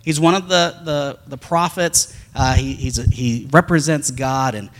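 A man's voice: mid-range voice, unhurried, hardly any pauses. A man preaching a sermon, telling a story in a conversational way with frequent restarts.

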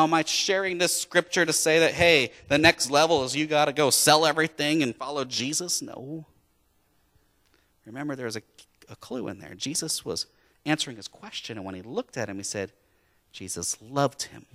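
A man's voice: mid-range voice, normal speed, bright, forceful tone, big-room sound. A male pastor preaching a sermon in a church, emphatic and repeating his key phrases.

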